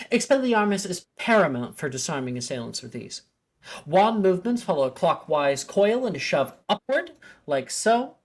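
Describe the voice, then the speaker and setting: A woman's voice: mid-range voice, voice pushed up. A woman doing a grand, theatrical professor. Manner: grand, emphatic lecturing. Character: brisk, theatrical adult professor.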